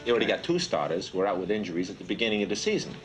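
A quick, wry ex-pro coach. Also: male voice, on the low side, big pitch swings, music in the background, poor audio. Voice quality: dry, wisecracking. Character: wry former pro player, now a coach. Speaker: basketball coach. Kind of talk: 1970s TV drama acting.

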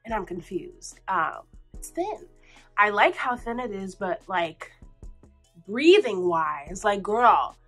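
A woman's voice: mid-range voice, slow pace, soft background music, low-quality recording. A young woman vlogger chatting through a clothing try-on haul, sassy and blunt, hot and a little out of breath. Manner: sassy, blunt and animated, calls viewers sweetie. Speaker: fashion vlogger.

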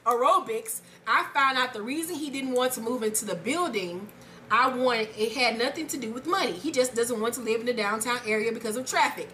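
A woman co-hosting an advice chat show, reading a viewer's letter aloud and reacting with loud, profane excitement. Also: fairly high pitch, fairly quick, a little hiss or hum. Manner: animated, profane, exclamatory.

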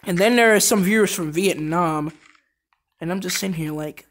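A woman doing let's play commentary on a game, excitable and prone to shouting and laughing. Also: on the low side, moderate pace. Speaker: gameplay commentator.

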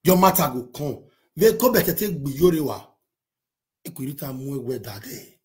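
Nigerian vlogger guy, slightly high voice, excitable rant, keeps repeating himself. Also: normal speed. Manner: excitable, repetitive, mixes pidgin and local language. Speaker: vlogger commenting on a movie-industry dispute. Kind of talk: animated pidgin commentary.

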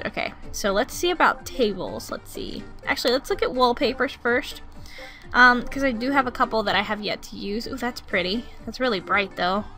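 A young woman giving excitable let's-play commentary, gushing and repeating herself as she plays. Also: a little high, normal speed, soft background music. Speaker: gaming YouTuber.

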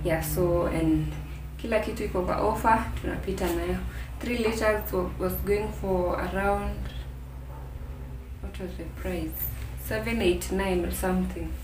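A Kenyan woman casually narrating a home vlog, relaxed and full of "yeah, so" fillers. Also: fairly low pitch, a little slow, background noise. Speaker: vlogger. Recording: echoey room, distant mic, faint music.

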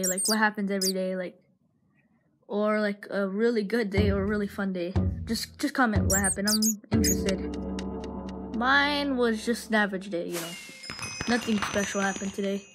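Over her gameplay clips, a woman running a channel rambles, swears, and trash-talks the other players in a medium-pitched voice. The audio is low quality, with game music playing loudly beneath her.

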